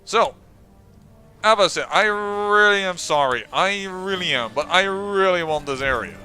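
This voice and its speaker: Let's-play guy, bright voice a bit on the high side, thinking out loud and restarting sentences. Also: lively intonation, measured pace, soft background music. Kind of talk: game commentary.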